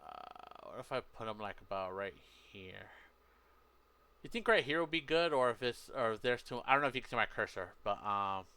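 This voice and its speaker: A man's voice: medium pitch, expressive, fairly quick, clean tone. A man streaming a game, rambling casually to his chat, often stopping to correct himself. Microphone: headset. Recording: racing game audio loud underneath. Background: racing game engine sounds.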